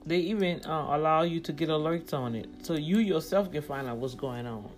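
A woman's voice: deep voice, moderate pace, darkish tone, soft background music. Rambling woman vlogger talking to viewers. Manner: rambling, talks things through aloud, addresses viewers directly; emphatic when riled up. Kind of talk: casual commentary to viewers.

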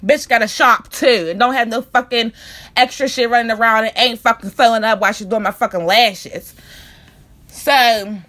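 A woman's voice: on the high side, fairly even intonation, moderate pace, pushed and bright. A young woman telling an angry, profane storytime rant about a bad salon visit. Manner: profane, heated, repetitive rant.

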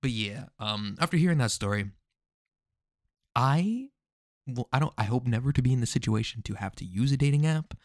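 A man talking through a story in casual commentary, animated and joking, with rhetorical questions and slangy asides. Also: mid-range voice, normal speed, no echo, clean studio sound. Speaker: commentary host.

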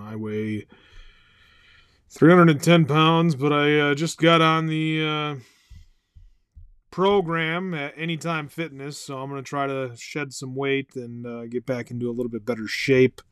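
A man talking solo on his own podcast, rambling excitably and swearing, breaking into loud outbursts and laughter. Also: fairly high pitch, smooth, dry recording, studio quality. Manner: excitable, swears loudly, bursts into shouting and laughter. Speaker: podcast host.

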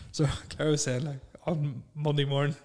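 A man's voice: fairly high pitch, level tone, measured pace, a little mellow. A young man in casual chat, rambling through stories, laughing often and swearing freely.

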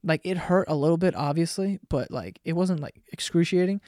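A man's voice: a little high, brisk, mellow. A young man telling a story casually, rambling with lots of filler words and swearing. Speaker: vlogger.

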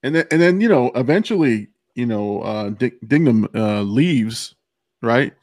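A man co-hosting a podcast chats casually about a movie, frequently restarting his sentences and swearing. His mid-range voice is animated, a little mellow and a little slow. The audio is studio quality, without room sound.

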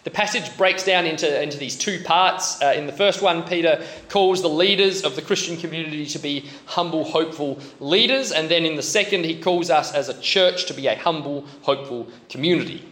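A man's voice: on the high side, brisk, hardly any pauses, fairly bright tone. A man preaching a sermon in a chatty, self-deprecating way, with many fillers and restarts. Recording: roomy echo.

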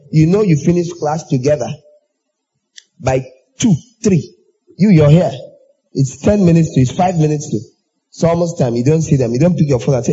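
Animated male preacher, dark husky voice. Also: highs cut off. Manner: animated, acts out dialogue in high voices. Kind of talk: sermon.

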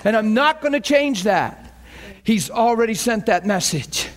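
A man preaching a sermon with impassioned, climbing delivery, acting out his own inner voice and building to near shouts. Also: high voice, animated, unhurried.

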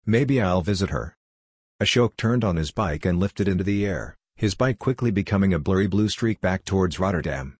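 A man narrating an audiobook story in a steady, even way. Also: deep voice, brisk, hardly any pauses, breathy edge, dry recording, clean studio sound.

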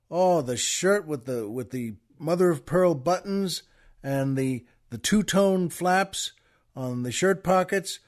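A man hosting a podcast, casually telling a joke as a rambling storyteller with many restarts. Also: high voice. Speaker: podcast host.

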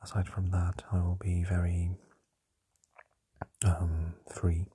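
Slow, breathy whispering young man. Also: deep voice, monotone. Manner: soft whispering, hesitant with many fillers. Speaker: podcaster. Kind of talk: whispered late-night podcast diary. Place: lying down in a shared home at night.

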